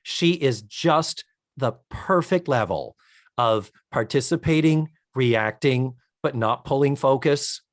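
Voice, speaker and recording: Animated man recapping a sitcom. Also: mid-range voice, slow pace, dry recording, clean studio sound. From United States. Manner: animated, acts out characters' lines in funny voices; swears and laughs often. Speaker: podcast co-host. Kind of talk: casual podcast recap.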